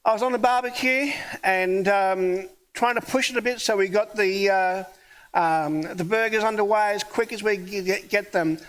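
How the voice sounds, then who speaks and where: A man's voice: sits high, moderate pace, fairly bright tone, smooth. A man who is a pastor, preaching a sermon in a conversational storytelling way and acting out the dialogue of his story. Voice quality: hard of hearing.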